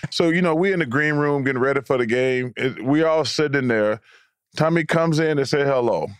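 A man co-hosting a casual chat, an animated storyteller who laughs as he talks. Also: mid-range voice, brisk, clean tone, dry recording, studio quality. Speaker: co-host.

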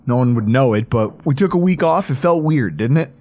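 Lively, playful man hosting a podcast. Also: mid-range voice, a little fast. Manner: playful, teasing banter. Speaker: podcast host. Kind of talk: casual sports podcast chat.

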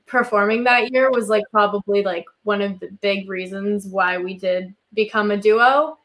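A young woman in her twenties from Canada, a singer guest on a podcast, talking in a relaxed way full of "like". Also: mid-range voice, moderate pace. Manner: relaxed, heavy use of "like". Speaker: guest, country music singer. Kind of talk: casual interview chat.

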